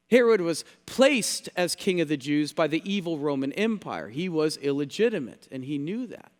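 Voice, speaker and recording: A man's voice: on the high side, lively intonation, fairly quick, in a large hall. A male pastor preaching a sermon, teaching earnestly, stressing key words and repeating phrases for effect. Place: church sanctuary.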